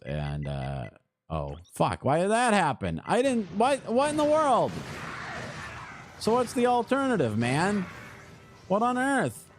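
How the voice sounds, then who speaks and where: Animated swearing male game streamer. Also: sits low, slight background noise. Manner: animated, swears often, jumps between rambling asides and frustrated outbursts. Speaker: gaming streamer. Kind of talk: casual live game commentary.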